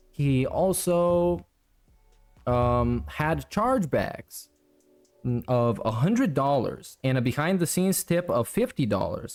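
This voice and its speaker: Slow, sing-song male streamer signing off. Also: on the high side, darkish tone. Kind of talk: stream wrap-up recap.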